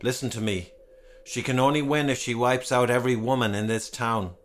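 A man's voice: mid-range voice, steady tone, fairly quick, a little hiss or hum, lightly acted. A man voicing a domineering, obsessed town leader with a commanding, declamatory delivery over background music.

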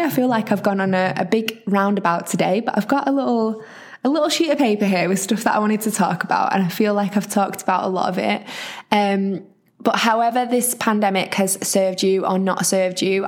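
Chatty woman hosting a podcast. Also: medium pitch. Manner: chatty, encouraging, rambling. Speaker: podcast host. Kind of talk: solo podcast chat.

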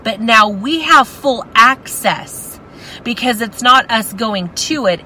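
Excitable high-voiced woman teaching the Bible. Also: slow, a little hiss or hum, poor audio. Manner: passionate, exclamatory. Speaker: women's Bible study teacher.

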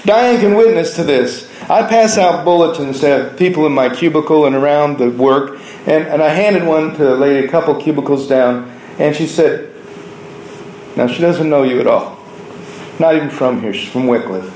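A man preaching a sermon, telling stories from his week in an earnest way, now softly, now with force. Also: a little high, normal speed, roomy sound, a little hiss or hum, poor audio. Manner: earnest storytelling preaching, shifting between soft and raised delivery.

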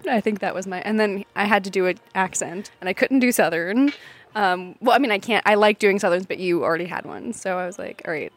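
A woman's voice: mid-range voice, brisk. Rambling woman guest, chatty podcast talk. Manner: rambling, many fillers and laughs. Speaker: guest player. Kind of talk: casual podcast chat.

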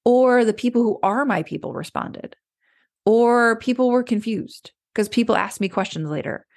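Speaking at normal speed with a slightly high voice, a clarity coach delivers a chatty, conversational motivational talk. She frequently voices what's going on inside people's heads.

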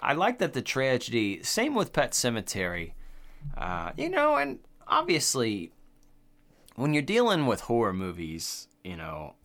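Animated laid-back male podcast host. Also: medium pitch, unhurried. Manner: laid-back, swears a lot, rambling. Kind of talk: casual chat.

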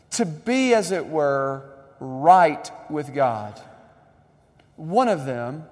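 A young adult man preaching a sermon in a conversational, animated way, building up emphasis. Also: a little high. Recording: long reverb of a large hall.

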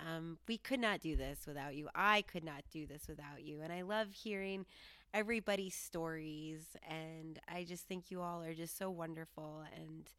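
A woman with a low, smooth voice tells a story in a loose, chatty way, laughing and putting on the people she quotes. The sound is dry and close, with no room around it. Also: no room sound. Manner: animated, laughing, quoting herself and others. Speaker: podcast host. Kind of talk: casual storytelling monologue.

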